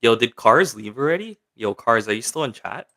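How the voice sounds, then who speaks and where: Speaking at a moderate pace, a young livestream host chats loosely with his viewers, reading their questions out and answering with many fillers. His medium-pitched voice is expressive, pushed and bright.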